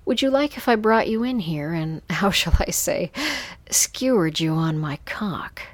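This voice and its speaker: A woman voicing a smug, domineering male boss who speaks low and seductively. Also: unhurried, no echo. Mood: taunting.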